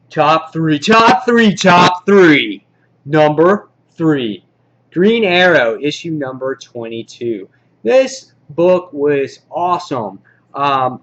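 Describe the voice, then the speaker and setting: A man's voice: medium pitch, fairly bright tone, lo-fi sound. A man casually reviewing comic books for a weekly countdown video, enthusiastic and rambling, with lots of fillers. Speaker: comic book vlogger.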